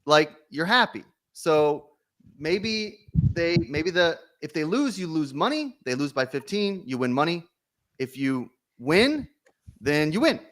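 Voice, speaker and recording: A man's voice: a little high, fairly bright tone. A man hosting a casual sports betting chat, easygoing as he runs the round-table. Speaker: host.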